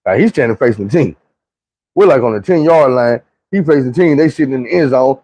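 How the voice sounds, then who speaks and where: A man's voice: medium pitch, expressive, fast, mellow. A man casually telling a story from his own life in a slangy, profane, conversational way.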